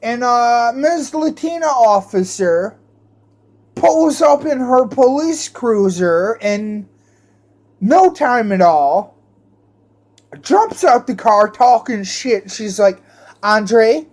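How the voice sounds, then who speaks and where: A man's voice: very high voice, expressive, slow pace, a little mellow. A man ranting in a rambling, profane monologue, repeating his phrases and restarting them often. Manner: repetitive, restarts phrases, swears heavily.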